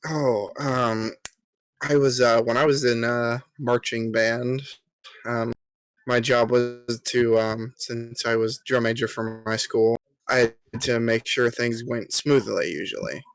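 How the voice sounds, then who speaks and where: A young man tells a story on a casual podcast, pausing on ums and acting out what others said. His voice sits in a middle range and sounds dry and close. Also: medium pitch, fairly even intonation, dry recording. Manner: filler-heavy, polite, acts out quoted lines. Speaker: podcast co-host.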